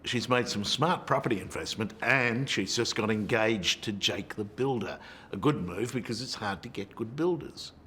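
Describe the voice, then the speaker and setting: A man's voice: on the low side, normal speed, pushed and bright, a little hiss or hum. A male TV interviewer asking questions in a playful, teasing way.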